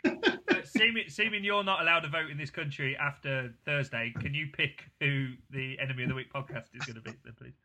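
A man's voice: medium pitch, fairly quick, pushed and bright, slight background noise. A man hosting a podcast in casual chat, laughing often and leading the segments. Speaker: podcast host.

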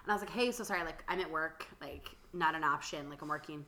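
A young woman with a bright, clear voice chats casually as a podcast co-host. She fills her speech with "like" and laughs easily as she tells her story. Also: sits low, fast. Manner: chatty, lots of "like" and laughter. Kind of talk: casual chat.

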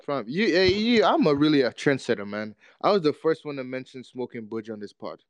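A man's voice: mid-range voice, animated, brisk, dry recording. A man co-hosting a podcast, bantering casually about football and teasing his friends with lots of slang. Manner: teasing, laughs loudly, slang-heavy. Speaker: podcast co-host.

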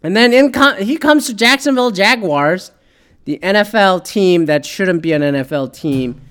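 A man's voice: sits high, lively intonation, moderate pace, fairly bright tone, clear, resonant tone. A man ranting casually about football, profane and sarcastic, with lots of fillers and asides. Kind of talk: casual opinionated sports rant.

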